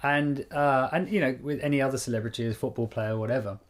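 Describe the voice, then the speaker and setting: A man's voice: mid-range voice, fairly even intonation. A man co-hosting a casual podcast chat, rambling and restarting his sentences as he thinks aloud. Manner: rambling, halting, restarts phrases. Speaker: podcast co-host.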